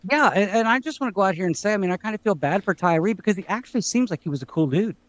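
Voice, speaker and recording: A man's voice: high-pitched, animated, rapid-fire, no echo. A man co-hosting a casual podcast chat, chatty and jokey, fond of dropping film quotes. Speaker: podcast co-host.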